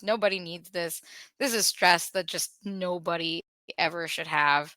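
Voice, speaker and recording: A woman hosts a podcast in casual, earnest talk, often breaking into uneasy laughter and restarting her sentences. Her voice is bright and forward. The sound is close and dry, with no room around it. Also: fairly low pitch, unhurried, no echo. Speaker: podcast host.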